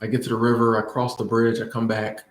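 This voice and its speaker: A man's voice: medium pitch, monotone, fast talker. Rambling casual man in an echoey room. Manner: rambling, conversational, lots of fillers and restarts. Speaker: vlogger. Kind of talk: casual storytime chat. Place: in Bangkok.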